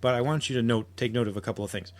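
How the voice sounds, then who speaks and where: A man's voice: mid-range voice, rapid-fire. A man hosting a podcast, making an earnest argument with frequent restarts and quotations. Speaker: podcast host. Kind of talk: solo podcast commentary.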